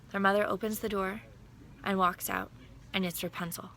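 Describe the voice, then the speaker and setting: A woman casually retelling a fairy tale in a plain, unhurried way, correcting herself now and then. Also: medium pitch, fairly even intonation, vocal fry, sharp tone, a little hiss or hum. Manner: plain, unhurried telling with small self-corrections. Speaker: storyteller.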